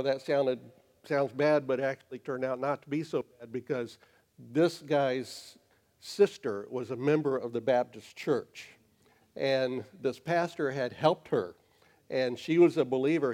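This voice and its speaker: Halting conversational male pastor. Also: mid-range voice, darkish tone. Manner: conversational, halting with frequent fillers and restarts. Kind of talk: sermon with storytelling.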